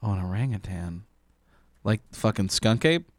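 A man's voice: lowish voice, expressive, moderate pace, no room sound, studio quality. A man co-hosting a casual comedic podcast, trading crude one-liners and wisecracks. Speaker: podcast co-host.

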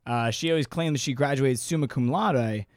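A man's voice: medium pitch, normal speed, no room sound, clean studio sound. A man co-hosting a podcast, chatting casually, swearing freely and retelling stories. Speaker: podcast co-host. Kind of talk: casual chat.

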